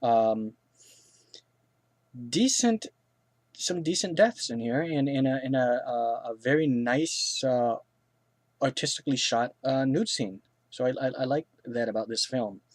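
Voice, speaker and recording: A man's voice: mid-range voice, normal speed, no echo. A man reviewing films in casual, rambling speech, full of fillers, restarts and blunt crude remarks. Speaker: film reviewer. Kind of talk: casual spoken film review.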